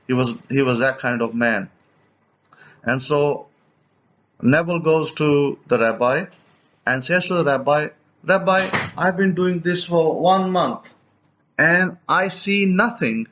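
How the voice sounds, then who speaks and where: A man's voice: fairly high pitch, fairly bright tone, dull audio. A man preaching in a storytelling way, retelling an account animatedly and often repeating or restarting his words. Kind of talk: storytelling teaching.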